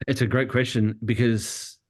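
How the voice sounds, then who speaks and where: A man's voice: medium pitch, level tone, unhurried, darkish tone. A man being interviewed as a guest, speaking conversationally and thinking aloud, with frequent restarts and fillers. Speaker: cinematographer guest.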